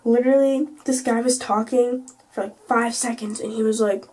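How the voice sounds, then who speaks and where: A woman's voice: a little high, steady tone, normal speed, mellow. A teenage girl telling a casual storytime vlog, chatty and full of "like" and "you know". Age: teens. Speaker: vlogger.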